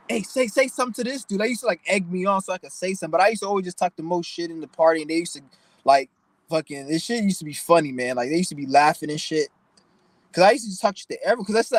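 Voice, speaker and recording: A man's voice: sits high, no echo, rough recording. A young man hosting his own channel, ranting bluntly and profanely in a preachy, emotional way. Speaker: channel host. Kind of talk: casual vlog rant.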